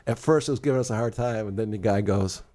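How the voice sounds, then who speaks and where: A man's voice: on the low side, quick pace. An older retired man, a podcast co-host, telling a travel story in casual chat and acting out the dialogue. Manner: animated, acts out dialogue in storytelling.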